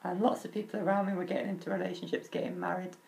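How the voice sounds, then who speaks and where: A man's voice: high-pitched, little pitch movement, rapid-fire, vocal fry, darkish tone, rough recording. A young man talking candidly and earnestly to his viewers, reflecting aloud and putting direct questions to the listener. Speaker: vlogger. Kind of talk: candid personal talk to the viewer.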